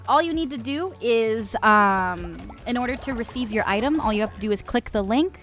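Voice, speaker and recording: A woman's voice: a little high, lively intonation, normal speed, hardly any pauses, fairly bright tone, faint music behind. A woman in her twenties streaming a game, chatting casually and swearing with her viewers. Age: 20s. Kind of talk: casual gaming stream chat.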